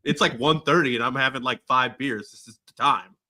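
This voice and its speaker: Georgia guy on a betting podcast, always joking, bright punchy voice. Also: mid-range voice, brisk. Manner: jokey, playful, never serious. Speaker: podcast co-host. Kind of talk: casual sports betting chat.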